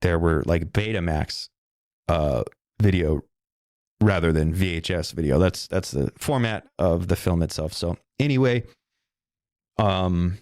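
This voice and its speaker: Low-voiced middle-aged man rambling solo. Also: a little slow, darkish tone, no room sound, clean studio sound. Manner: casual, profane, digressive. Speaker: podcast host.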